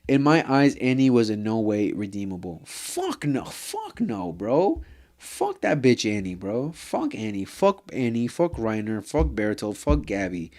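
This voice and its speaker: This vlogger's lowish, darkish voice swings widely in pitch and moves a little slowly. He's a man delivering a casual anime rant, heated and profane, saying "bro" constantly while rambling with fillers and restarts.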